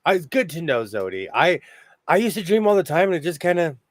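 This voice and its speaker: A man's voice: on the high side, big pitch swings, fairly quick, no room sound. Man, Minnesotan-sounding accent, chatty storyteller, laughs often, dry close sound. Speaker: sewing channel host. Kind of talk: casual livestream chat. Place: home sewing room.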